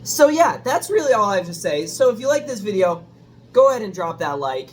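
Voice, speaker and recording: A man's voice: high-pitched, big pitch swings, a little fast, slightly rough. A man chatting casually as a food reviewer, rambling and hesitant, self-deprecating as he hunts for words, with a dishwasher running in the background. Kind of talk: casual home review vlog.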